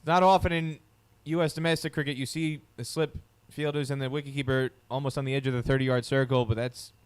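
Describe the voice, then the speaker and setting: A man's voice: medium pitch, steady tone, brisk, smooth. Analytical male cricket commentator. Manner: analytical, detailed. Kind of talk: live sports commentary.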